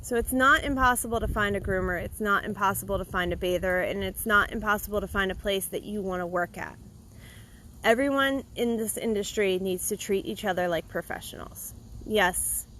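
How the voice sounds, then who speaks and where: A blunt, emphatic woman speaks her mind straight to the camera in a casual, opinionated monologue about her trade. Her voice sits in a middle pitch, and a little faint noise is heard behind her. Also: poor audio. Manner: animated, mocks complaints in a put-on voice. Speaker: dog groomer and video host.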